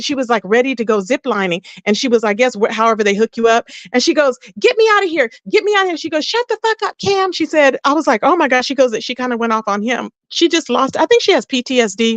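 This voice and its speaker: A woman with a high, bright-sounding voice tells gossip in a lively, casual way, acting out other people's lines as she goes. The sound is close and dry, with almost no room echo. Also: quick pace, few pauses, dull audio. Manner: animated storytelling, quotes people in raised voice, laughs often. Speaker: co-host.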